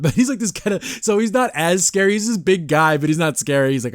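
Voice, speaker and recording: A man's voice: on the high side, a little fast, dry recording. Guy on a podcast rambling through a cartoon recap, does little voices for the characters, dry close sound. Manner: rambling, animated, acts out characters' lines, stammers. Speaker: podcast host reviewing a cartoon episode. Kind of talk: casual recap chat.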